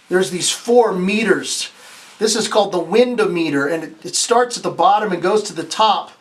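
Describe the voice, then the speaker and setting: His voice sits high and his pace is moderate as this pastor reads a picture book aloud at story time. Expressive and playful, he interrupts himself to ask the kids things and have them repeat lines, occasionally stumbling and restarting.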